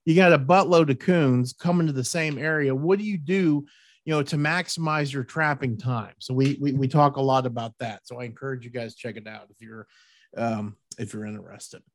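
A man's voice: mid-range voice, brisk, no room sound. A man hosting a hunting show, talking in a folksy, repetitive, pushy way. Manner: folksy, repeats words, pushy about tips. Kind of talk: casual podcast chat.

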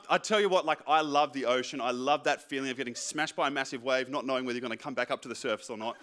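A young man preaching a sermon, telling a story in an animated, self-mocking way. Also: a little high, fairly quick. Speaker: pastor.

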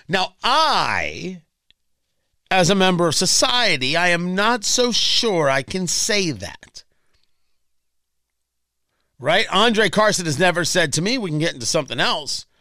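A man's voice: sits high, pushed and bright, dry recording, clean studio sound. A man hosting a political talk radio show, delivering a sarcastic, mocking monologue full of rhetorical questions. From Indianapolis area.

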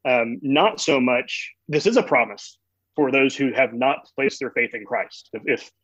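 Husky-voiced man explaining faith earnestly. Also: medium pitch, a little slow, a bit bright, no room sound. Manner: earnest, explains through family stories. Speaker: guest. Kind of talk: conversational theological explanation. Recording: dull, dry recording.

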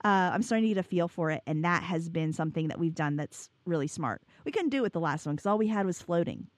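A woman talks openly about her business in a relaxed podcast chat. She rambles and often restarts her sentences. The sound is close and dry. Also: lowish voice, fast talker, dry recording. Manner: candid, rambling, self-correcting with restarts and laughs. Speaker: business owner guest.

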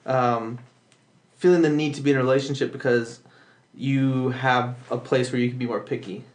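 A young man hosting a podcast in casual chat, talking haltingly with many restarts and self-corrections. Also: mid-range voice, steady tone, roomy sound. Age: young adult. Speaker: podcast host.

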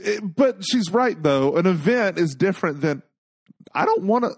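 A man's voice: sits high, animated, normal speed, husky. A man co-hosting a podcast in casual chat, giving sassy, blunt opinions. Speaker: podcast co-host.

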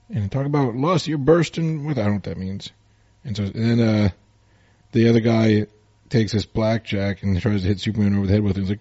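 A man's voice: lowish voice, fairly quick, mellow, slightly rough, no echo, muffled recording. A man in a casual chat, animatedly retelling comic strips.

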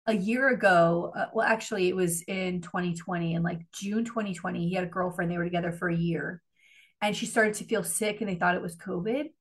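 A woman's voice: on the low side, husky. Gushing, foul-mouthed woman podcast host. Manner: rambling, gushing, swears freely. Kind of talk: casual chat.

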